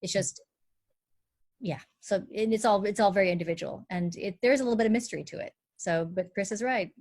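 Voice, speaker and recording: A woman dialect coach speaks on a live online panel. She sets out her points in clear steps, with a lively, engaged delivery. Her voice sits at a middle pitch. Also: a little fast.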